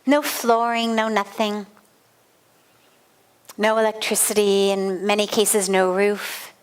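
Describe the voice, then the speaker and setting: A woman's voice: mid-range voice, little pitch movement, takes it slowly, clean tone. A middle-aged woman, a spiritual teacher, giving a satsang talk and telling a personal story with earnest, vivid emphasis and repeated phrases.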